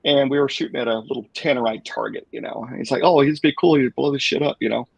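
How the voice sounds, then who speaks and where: Gravelly husky guy rambling through a story on a podcast, dry sound. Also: mid-range voice, quick pace, no echo, poor audio. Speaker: podcast host.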